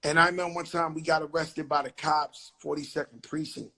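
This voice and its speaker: A man from the Bronx with a notably high voice chats over a phone video call. He tells street stories in a loose, animated way, swearing freely as he goes. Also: brisk. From the Bronx, New York. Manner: animated, swearing, acts out quotes loudly. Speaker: host of a live video chat. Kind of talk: casual storytelling chat. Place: home, live video call.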